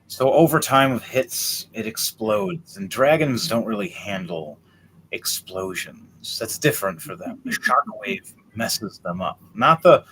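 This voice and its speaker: A man narrating as game master, shifting between loud, excited bursts and quick, low asides. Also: slight background noise, poor audio.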